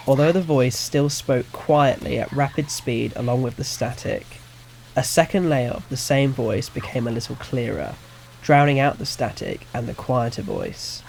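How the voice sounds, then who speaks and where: A male narrator reading a scripted audio story at a measured, even pace. His voice sits at a middling pitch for a man, neither high nor low. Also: gravelly, slight background noise.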